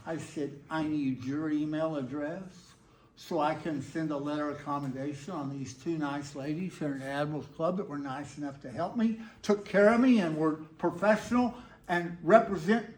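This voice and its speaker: An older man with a Texan accent, telling a folksy story to a live audience in a laid-back, whimsical way. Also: a little high. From Texas. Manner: laid-back, folksy, acts out quoted dialogue. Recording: roomy hall echo.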